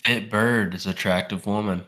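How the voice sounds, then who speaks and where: A young man co-hosting a podcast with a low voice that has a hard, forceful edge. He stays laid-back in casual chat and drops swear words offhandedly. The talk is loose and unhurried. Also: steady tone. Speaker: podcast co-host.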